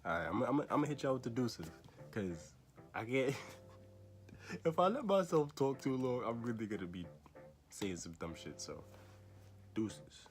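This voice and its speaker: A young man vlogging to his own camera, telling a story in slangy, laid-back talk and chuckling between remarks, his voice low and rough from being sick. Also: sing-song, a little slow, pauses often, soft background music. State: sick, voice lower than usual. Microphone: camera he set up facing himself.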